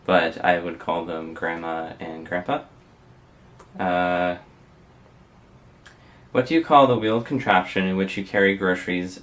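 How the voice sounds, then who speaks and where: A young man from Windsor, Ontario with a Canadian accent, casually working through an accent challenge and pausing often on "uh.". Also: deep voice. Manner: hesitant, frequent uh fillers, soft-spoken. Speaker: vlogger.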